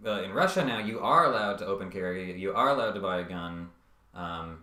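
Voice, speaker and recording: A man's voice: on the low side, a bit bright, roomy sound. A man giving casual commentary on a video essay, with frequent ums and uhs and wry asides.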